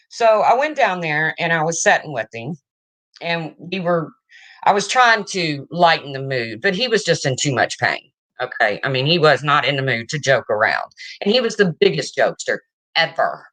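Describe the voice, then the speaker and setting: Woman vlogger, low bright voice, blunt and emotional, talking straight to her viewers. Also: sing-song, normal speed. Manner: frank, emotional, swears casually, asks okay?. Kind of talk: casual storytelling to camera.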